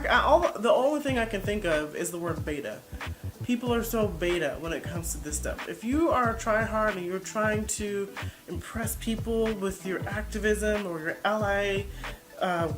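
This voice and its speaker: A woman vlogger giving casual reaction commentary, blunt and defensive, rambling as she searches for words. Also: medium pitch.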